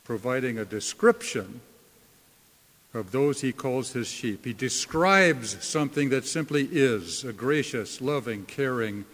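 A male pastor delivers a sermon at an unhurried, measured pace, pressing hard on key words for emphasis. His voice sits in a middle pitch and carries a long reverb, as in a large hall. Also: lively intonation, a bit bright. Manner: slow, deliberate preaching with emphatic stresses.

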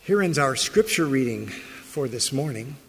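A man's voice: mid-range voice, expressive, a little slow, vocal fry, slightly rough. A man preaching a sermon as pastor, reading scripture, praying and then asking his congregation rhetorical questions. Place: church sanctuary. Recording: long church reverb.

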